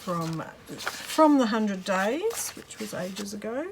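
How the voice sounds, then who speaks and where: A woman's voice: mid-range voice, big pitch swings, slow pace, creaky, noisy background. A woman chatting casually as she works on a craft journal, rambling and breaking off with fillers. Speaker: craft vlogger. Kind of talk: casual chat while crafting.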